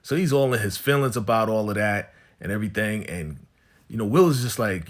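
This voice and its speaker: A man's voice: lowish voice, a little fast. Laid-back slangy man recapping a show. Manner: slangy, laid-back, tags lines with "right?" and "you know". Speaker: TV episode recapper. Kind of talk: casual episode recap.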